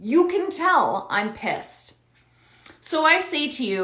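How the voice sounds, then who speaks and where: A woman coaching parents in a casual, animated talk, acting out both sides of an everyday conversation. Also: high-pitched, slow pace, roomy sound. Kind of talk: casual teaching talk to camera.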